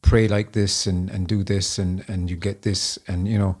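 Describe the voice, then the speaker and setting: A man hosting an interview, halting and searching for words as he asks questions. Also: deep voice, little pitch movement, a little mellow, breathy edge. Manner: halting and searching, filled with "you know". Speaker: podcast host. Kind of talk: interview conversation.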